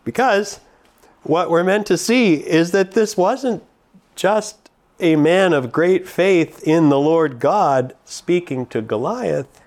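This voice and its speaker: A man preaching a sermon, reading scripture slowly and with emphasis, then explaining it to the congregation. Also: sits high, darkish tone.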